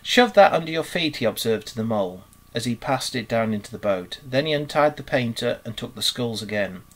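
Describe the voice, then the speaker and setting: A man, a primary school teacher, reading a children's book aloud in a measured, expressive way. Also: lowish voice, rough recording.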